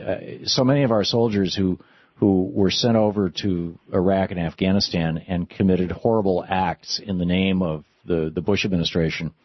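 A male radio host with a very deep, husky voice leads a call-in talk show, opinionated and reflective as he answers callers. The sound is dry and close, a little dull in the top end. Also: no room sound.

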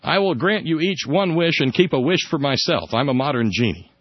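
A man's voice: a little high, animated, a little fast, no echo. A man voicing a cheeky modern genie in a joke, breezy and smug. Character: smooth, cheeky modern male genie in pajamas. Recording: dull dry radio broadcast.

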